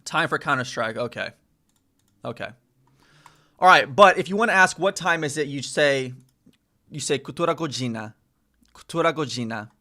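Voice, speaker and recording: A man's voice: on the high side, lively intonation, moderate pace, long pauses, bright, forceful tone. A man streaming live, learning a language and thinking aloud, repeating phrases and correcting himself. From United States. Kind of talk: casual live-stream self-study.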